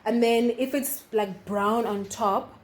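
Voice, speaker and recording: A woman's voice: fairly high pitch, steady tone, takes it slowly. A young woman chatting casually through her baking steps in a vlog, explaining as she goes with fillers and small laughs. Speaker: vlogger.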